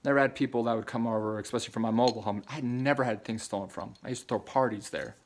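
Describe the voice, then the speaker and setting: A man's voice: medium pitch, fairly even intonation, rapid-fire, slight background noise. A man giving a rambling personal monologue in casual slang, repeating himself and getting emotional. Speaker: vlogger.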